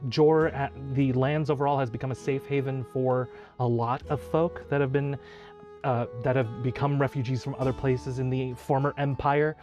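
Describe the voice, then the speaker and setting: A man narrating as game master in a tabletop game, often pausing with fillers. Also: mid-range voice, little pitch movement, darkish tone, soft background music. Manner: hesitant, many fillers.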